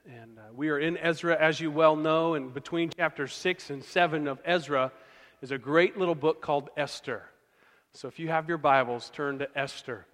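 A man's voice: fairly high pitch, steady tone, normal speed, fairly bright tone. Man, pastor, conversational storytelling sermon, long hall reverb. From Oklahoma.

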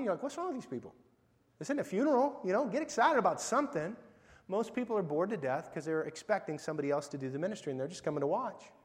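A middle-aged man preaching a sermon as pastor, in a conversational style full of rhetorical questions and swings in volume. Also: high voice. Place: church sanctuary. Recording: long hall reverb.

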